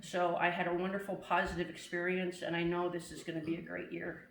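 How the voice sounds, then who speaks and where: A camp visitor giving a calm, hesitant testimonial, with many pauses and restarts. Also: mid-range voice, gravelly. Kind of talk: casual testimonial. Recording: roomy echo, faint noise.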